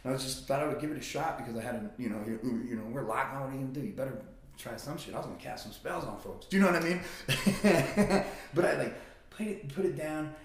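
A man's voice: mid-range voice, animated, fast talker. Blunt, profane man in an echoey room. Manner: blunt and profane, swears often. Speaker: guest. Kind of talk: casual storytelling.

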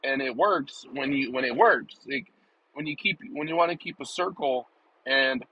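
A man's voice: mid-range voice, normal speed, breathy edge, dull audio. A man vlogging in a rambling, joking, profane casual monologue. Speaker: vlogger and podcaster.

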